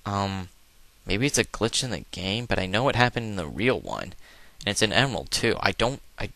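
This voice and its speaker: A man's voice: on the low side, bright, forceful tone, clear, resonant tone, dry recording. A man giving offhand, rambling commentary over a video game, cracking crude jokes and trailing off into mumbled asides. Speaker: let's play commentator. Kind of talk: casual gameplay commentary.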